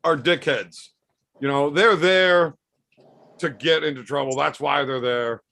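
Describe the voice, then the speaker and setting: A man's voice: a little high, measured pace, vocal fry. A man telling profane bar stories in a casual podcast chat, acting out the voices of the people in them. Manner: animated, acts out quoted voices. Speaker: podcast storyteller.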